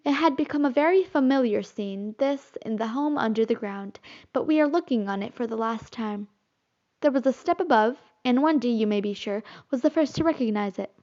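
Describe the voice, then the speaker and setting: A woman narrating a children's classic as an audiobook, in expressive storytelling. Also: a little high, moderate pace. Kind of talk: audiobook reading. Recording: slightly muffled recording.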